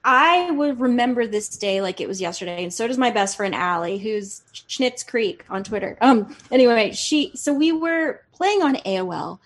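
A woman in her forties, a podcast guest, telling a family story excitedly and acting out the voices. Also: on the high side, normal speed, few pauses. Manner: excitable, animated storyteller who acts out voices. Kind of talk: storytelling in casual chat.

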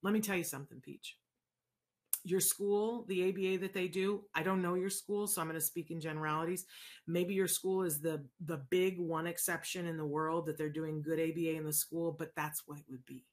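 A woman hosting a casual live chat, answering viewers in an animated, conversational way and often checking in with "right?". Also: on the low side, a little fast. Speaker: host answering viewer questions.

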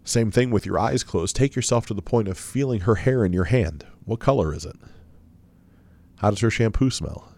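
A man with a fairly low voice leads a guided visualization as a self-help speaker. He coaches his listeners, asking them question after question. The sound is dry and close, with little room around it. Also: normal speed, a little mellow, dry recording. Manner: coaching, asks many questions.

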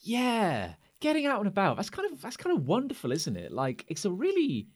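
A man voicing an overfamiliar male knight champion who flatters and wheedles. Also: high voice, fairly quick, pitched above the performer's own voice, heavily acted. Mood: wheedling.

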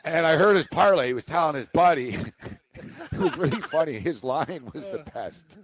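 Lively, laughing sports-chat guy. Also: fairly high pitch, normal speed, no echo. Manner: laughing, animated storytelling. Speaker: sports betting podcast co-host.

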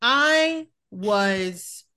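A woman's voice: mid-range voice, lively intonation, extremely slow, pushed and bright. A woman podcaster chatting casually about gossip, making her points emphatically and repeating them for effect. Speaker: podcast guest host.

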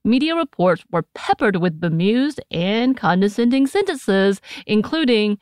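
An American woman co-hosting a podcast in a casual chat, animated and laughing often, recorded close to a studio mic. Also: medium pitch, measured pace, few pauses, dry recording. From United States. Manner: chatty and animated, often laughing, breaks into put-on voices. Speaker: podcast co-host.

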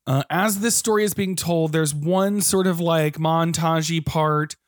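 A man's voice: on the high side, steady tone, a little slow, no echo, clean studio sound. A man co-hosting a podcast, talking enthusiastically about a stage musical and swearing casually. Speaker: podcast co-host. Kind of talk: casual theater discussion.

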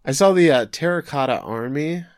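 A man's voice: a little high, lively intonation, normal speed, dry recording, clean studio sound. A man co-hosting a podcast, chatting casually and joking as he recaps an anime episode, with lots of fillers. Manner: joking, chatty, thinks aloud with many fillers. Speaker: podcast co-host.

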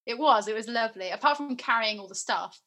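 Brief: young woman, bright tone, rambling chatty guest. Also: on the high side, fast. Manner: chatty, rambling, many fillers. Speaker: guest musician and actor. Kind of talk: casual interview chat.

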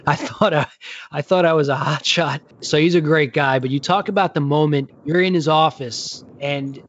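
A podcast host who used to be a rehab coordinator interviews his guest earnestly and reflectively. His voice is a little high and his pace normal. The audio is dull and lo-fi, with a little hiss or hum.

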